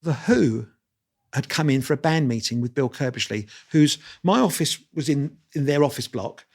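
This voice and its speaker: A man, telling lively anecdotes as an interview guest and restarting his sentences often. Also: mid-range voice, moderate pace. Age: 60s. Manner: animated anecdotes with quoted voices and restarts. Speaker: guest photographer. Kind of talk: storytelling interview.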